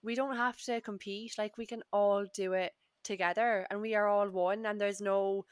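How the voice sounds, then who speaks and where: A woman's voice: mid-range voice, steady tone, moderate pace, clear, resonant tone, dry recording. Upbeat woman coach, dry close sound. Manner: upbeat and encouraging. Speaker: mindset coach, guest. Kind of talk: casual podcast chat.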